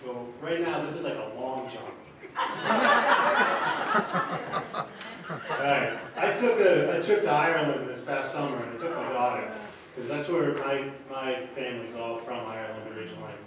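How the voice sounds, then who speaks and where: A man in his forties telling a personal story on stage, halting and nervous, chuckling between lines. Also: medium pitch, animated. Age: 40s. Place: hall with a live audience. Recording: echoey room, distant mic, background noise.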